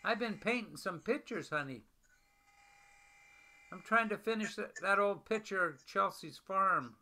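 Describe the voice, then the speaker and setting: Older man, tender, bright high voice. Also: expressive, measured pace. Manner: gentle, affectionate, repeats endearments. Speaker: husband on a video call. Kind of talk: tender video call chat. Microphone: video call.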